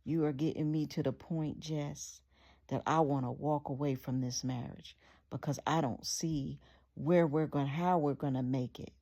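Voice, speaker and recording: Woman narrator voicing a hurt wife confronting her husband, deep dark tone, unhurried. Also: steady tone, creaky, exaggerated voice. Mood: fed-up. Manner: pleading then scolding forcefully. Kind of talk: read-aloud storytelling.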